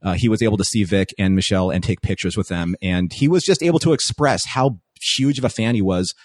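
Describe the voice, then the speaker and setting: A man telling a story as a podcast guest in casual chat, animated, acting out quoted lines. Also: fairly low pitch, a little fast, no echo, clean studio sound. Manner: animated, excitable anecdote-telling with acted-out quotes.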